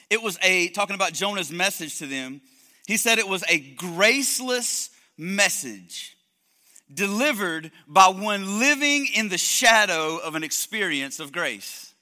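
A man preaching a sermon in an emphatic, animated way, stumbling and repeating words as he builds his points, in a church hall. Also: high voice. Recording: echoey hall reverb.

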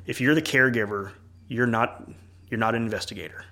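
Man, church leader on a chat podcast; earnest, animated, middle pitch, acts out little scenes. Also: brisk. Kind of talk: casual podcast conversation.

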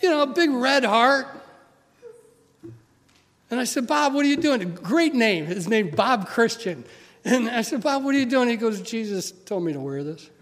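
Guy preaching in a big echoey church, high voice, goes from loud to hushed telling stories. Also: expressive, moderate pace. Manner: storytelling, swings from loud urging to quiet intimacy. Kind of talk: sermon. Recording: long hall reverb.

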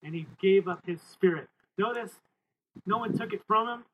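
A man's voice: sits high, moderate pace. A middle-aged male pastor preaching emphatically outdoors, repeating phrases and calling on the church for amens. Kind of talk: outdoor sermon. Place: outdoors, windy. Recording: tinny phone-like sound with wind noise.

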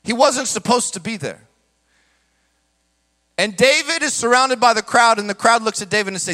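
Male pastor, high bright voice, passionate sermon delivery, echo of a big hall. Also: moderate pace, pauses often. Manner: impassioned preaching, acts out quoted voices.

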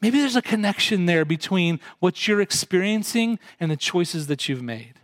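A man's voice: high voice, lively intonation, normal speed, no echo. A man preaching a sermon, earnest, putting direct questions to his congregation. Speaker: pastor.

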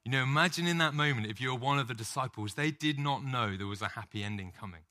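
A man delivers a sermon in an earnest, heartfelt way, pressing his points with rising fervor. His voice has a bright, forward ring at an ordinary middle pitch. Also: quick pace. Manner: earnest, builds to impassioned emphasis. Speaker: pastor.

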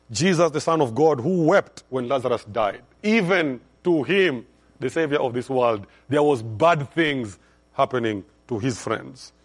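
Guy preaching a sermon, kinda high voice, drops quiet then booms, gets the church to say it back. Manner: call-and-response preaching with swings from soft to loud. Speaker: pastor.

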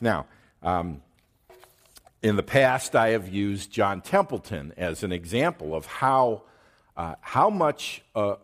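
Man, pastor, sermon teaching, emphatic, asks "okay?" often, mid pitch. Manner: emphatic, pauses to drive points, checks in with "okay?".

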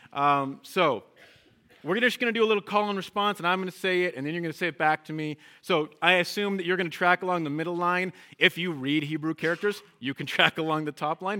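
Bright-voiced man teaching Hebrew to a congregation. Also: on the high side. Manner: lively, chatty, checks in with "okay?" and "right?". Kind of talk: teaching a congregation, call and response.

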